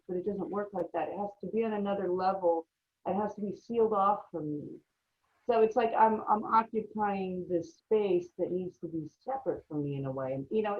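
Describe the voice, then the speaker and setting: A woman on a writing faculty panel, answering a question in an animated, talkative, self-deprecating way over a video call. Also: medium pitch. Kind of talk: casual panel discussion. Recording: slightly muffled audio.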